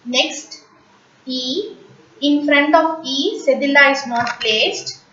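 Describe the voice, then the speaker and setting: In a bright, forceful tone, a French teacher leads a lesson with a high voice and a purposely slow pace, repeating every word patiently for learners. Her voice comes from a distance across an echoey room, captured by a dull, lo-fi microphone.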